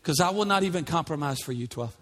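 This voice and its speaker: A man's voice: on the high side, animated, fast talker, fairly bright tone. A male pastor preaching a sermon in a church, emphatic, with many repeated rhetorical questions.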